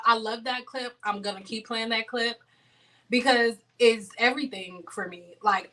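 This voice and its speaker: A woman's voice: medium pitch, bright, forceful tone, recorded from a distance. A woman hosting a beauty livestream, talking bluntly and preachily to her viewers, repeating her points. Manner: blunt, preachy, fond of repetition. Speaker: beauty channel host.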